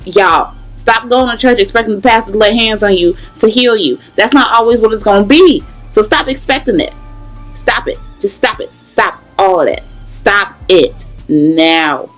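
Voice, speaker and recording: A young woman, giving a casual devotional talk, conversational and animated, often calling out to listeners. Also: fairly high pitch, normal speed, faint music behind, rough recording. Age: young adult. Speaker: devotional host.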